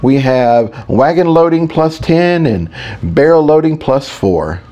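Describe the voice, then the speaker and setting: A man's voice: on the high side, lively intonation, slow pace, warm tone, pitched above the performer's own voice. A man voicing Tyler, a playful flirt. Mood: teasing. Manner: teasing, suggestive.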